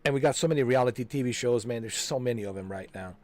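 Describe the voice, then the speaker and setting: This mid-range, slightly mellow male voice moves at a quick pace. He's a gaming channel host chatting loosely through a walkthrough, rambling, saying "man" and "dude" a lot, and often using fillers and correcting himself as he searches for names.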